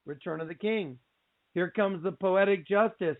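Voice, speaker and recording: High-voiced excitable man on a tinny line. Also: moderate pace. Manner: animated, breaks into shouts and laughs. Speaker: radio show host. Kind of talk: excited religious radio talk. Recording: tinny phone-like line with faint noise.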